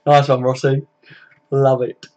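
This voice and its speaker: A man's voice: mid-range voice, completely flat delivery, a little slow, mellow, muffled recording. A tired young man chatting casually and swearing freely as he wraps up a football live stream.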